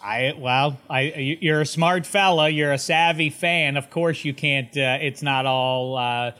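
A man's voice: fairly high pitch, a little slow, clean tone. A man hosting a sports podcast, telling stories emphatically in casual chat. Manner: emphatic, animated storytelling. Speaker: podcast host.

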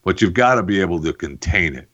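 A man in his forties, co-hosting a casual chat and rambling with animated asides. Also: low voice, fast. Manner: rambling, animated, breaks into mock voices. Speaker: podcast co-host. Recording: dull lo-fi sound.

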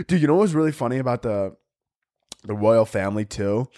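A young man hosting a podcast, riffing in a profane, rambling comic monologue and often breaking into squeaky impressions. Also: lively intonation, brisk, mellow, dry recording, clean studio sound. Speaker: podcast host.

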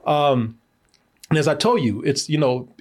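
A man's voice: fairly high pitch, a little slow, darkish tone, husky. An American man hosting a film review podcast in casual chat. He talks animatedly, laughs often, swears and uses lots of fillers.

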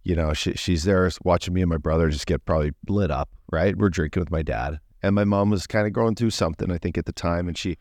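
A man from Canada in his forties, a former hockey player co-hosting a podcast, telling stories in a relaxed, rambling way. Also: low voice, fast, hardly any pauses, dry recording, studio quality. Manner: relaxed, rambling, lots of "you know" fillers. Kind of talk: casual storytelling chat.

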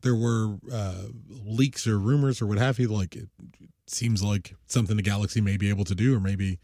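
A man's voice: on the low side, steady tone, moderate pace, warm tone, dry recording, clean studio sound. A man co-hosting a casual sports podcast, telling stories in a rambling way and often correcting himself mid-sentence. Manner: rambling, self-correcting storyteller. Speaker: podcast co-host.

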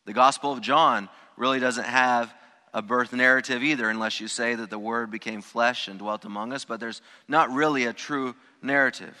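A man's voice: medium pitch, fairly even intonation, moderate pace, pushed and bright, long reverb tail. A man preaching a sermon as pastor, emphatic, stressing key words and repeating phrases for weight. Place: church sanctuary.

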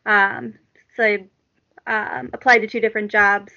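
Bright-voiced woman telling a story. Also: medium pitch, flat delivery, moderate pace, gravelly, dull audio. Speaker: panel guest. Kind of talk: casual radio chat.

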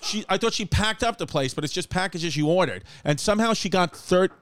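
A man hosting a casual comedic podcast from his apartment, rambling and joking in an animated way. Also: sits high, a little fast, a little hiss or hum. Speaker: podcast host. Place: home apartment.

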